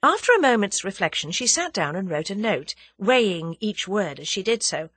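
Expressive woman narrating an audiobook. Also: mid-range voice, normal speed. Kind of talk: scripted narration.

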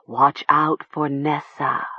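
A reader doing a soft, sinister commanding voice. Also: mid-range voice, flat delivery, slightly rough, no echo, dull audio. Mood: cold commanding. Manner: slow, hushed, coaxing orders. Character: soft commanding voice inside a girl's head. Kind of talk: audiobook reading.

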